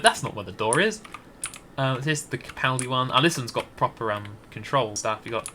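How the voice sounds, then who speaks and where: A Scottish gaming YouTuber gives rambling, hesitant gameplay commentary into a desk mic, restarting often. His voice is medium-pitched, with background noise present.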